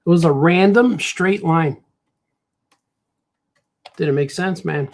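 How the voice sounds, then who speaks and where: A man's voice: a little high, slow, a little mellow. Chatty Chicago man narrating his own drawing on a stream, easygoing and rambling. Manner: rambling, talks to himself, says "man" a lot. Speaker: cartoonist streaming while drawing. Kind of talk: casual livestream chat while drawing.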